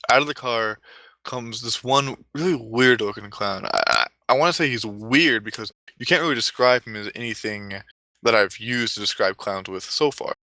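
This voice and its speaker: A man's voice: medium pitch, sharp tone, dry recording. A man telling a comic story casually, rambling and swearing often, with frequent restarts. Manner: profane, rambling, self-correcting.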